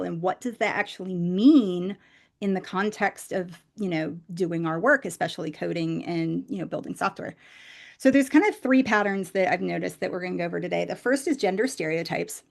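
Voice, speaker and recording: A woman in her forties giving a conference talk as casual storytelling, chatty, with many fillers and animated quoted voices. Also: medium pitch. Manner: chatty, frequent "like" and "you know" fillers. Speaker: conference speaker.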